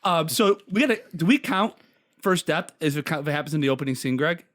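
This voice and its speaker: Man, podcast co-host, quick-witted, fast, lively pitch. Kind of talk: casual chat.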